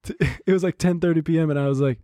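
A man's voice: a little high, quick pace, dark tone, dry recording, clean studio sound. A man co-hosting a podcast, telling long dating stories in casual chat and acting out the lines of the people in them. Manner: rambling storyteller, acts out quotes. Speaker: podcast co-host.

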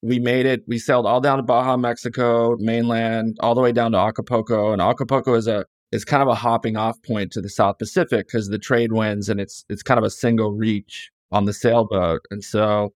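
Middle-aged man from California, storytelling guest, low voice, relaxed and rambling, dry close sound. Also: a little fast, hardly any pauses, dry recording. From California, USA. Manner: relaxed, rambling, frequent restarts and quoted dialogue. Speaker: guest author. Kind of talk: casual storytelling interview.

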